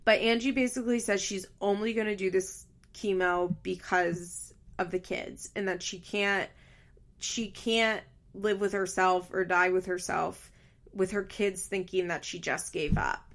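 Blunt, gravelly-voiced woman recapping reality TV. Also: mid-range voice, fairly even intonation, unhurried. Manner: blunt and opinionated, swears often. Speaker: reality TV commentator. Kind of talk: casual recap commentary.

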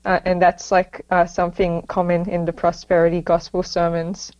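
A woman's voice: on the low side, monotone, moderate pace, a little mellow, muffled recording. A woman answering interview questions, reading from notes with many fillers. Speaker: guest.

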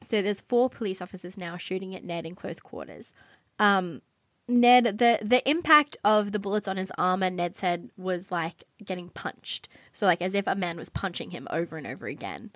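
A woman telling a dramatic story in casual podcast chat, animated, swearing and filling her talk with "like". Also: lowish voice, normal speed, dry recording. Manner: animated, swearing, many "like" fillers. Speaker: podcast co-host telling a true crime story.

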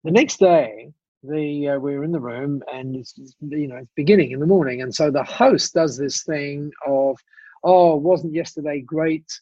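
Male guest storyteller, husky, fairly high voice, dull muffled recording. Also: normal speed, dry recording. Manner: animated storyteller, many restarts and asides. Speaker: guest speaker. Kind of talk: telling an anecdote in conversation.

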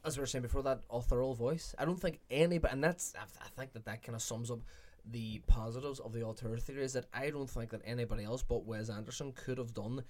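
A man's voice: medium pitch, fairly even intonation, fast, a little mellow. A man co-hosting a podcast, rambling and correcting himself as he talks about film. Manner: rambling, reflective, self-correcting. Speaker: podcast co-host. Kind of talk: casual film chat.

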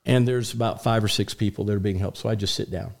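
A man in his sixties telling anecdotes as a guest on a radio talk show, relaxed and full of restarts. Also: lowish voice, fast talker, gravelly. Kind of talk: storytelling in a radio interview.

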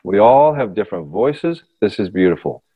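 A man talking as a voice coach in a podcast conversation, explaining with animated, lively demonstrations. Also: fairly low pitch, normal speed, slightly rough, phone-quality sound.

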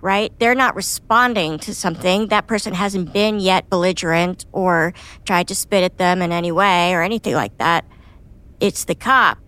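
A woman's voice: lowish voice, normal speed, a bit bright. A woman hosting a casual conversation, speaking frankly and expressively, with occasional swearing.

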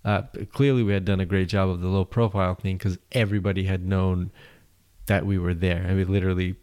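A man's voice: low voice, level tone, fairly quick, darkish tone, smooth. A man hosting a podcast, telling a travel story in a rambling way with many fillers and restarts. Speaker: podcast host.

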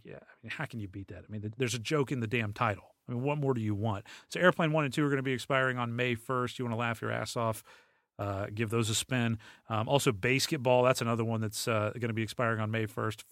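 A man hosts a podcast alone in a loose, rambling way, full of fillers and restarts. His voice sits at an ordinary middle pitch. The recording is dry and close, with almost no room sound. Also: a bit bright, no echo. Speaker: podcast host. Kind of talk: casual solo podcast talk.

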